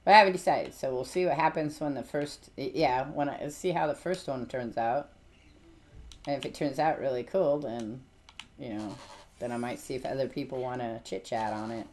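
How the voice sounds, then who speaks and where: A woman's voice: very deep voice, moderate pace, darkish tone. A middle-aged woman streaming a game, chatting casually in a rambling way, full of fillers and restarts. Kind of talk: casual chat while gaming.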